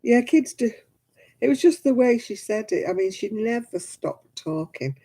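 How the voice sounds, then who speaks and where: A woman's voice: on the high side, lively intonation, normal speed, mellow, poor audio. An older woman, chatting and telling stories with a giggle while she crafts over a video call from home. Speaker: craft stream host. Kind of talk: casual chat while crafting.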